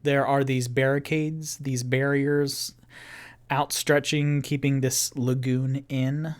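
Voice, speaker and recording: A man runs a one-person tabletop game on a livestream, narrating slowly and loosely. He stops often on fillers and restarts his sentences as he works out the scene. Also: mid-range voice, level tone. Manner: meandering, filler-heavy narration. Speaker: game master playing solo.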